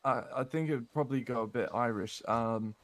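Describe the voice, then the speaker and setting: A man's voice: mid-range voice, moderate pace, a bit bright, slight background noise. A man playing a cadet in an online role-play game, talking hesitantly with many ums and restarts.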